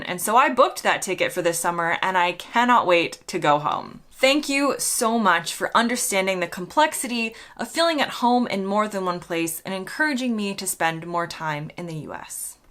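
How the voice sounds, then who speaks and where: A croaky-voiced American woman works through the comments on her videos. She answers each one with dry, mock-sincere sarcasm. Her pitch rises and falls in lively swoops. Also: normal speed, few pauses. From United States. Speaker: vlogger.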